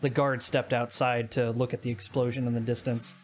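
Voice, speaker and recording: A man's voice: medium pitch, little pitch movement, brisk. A man narrating a tabletop game as game master, casual and often laughing.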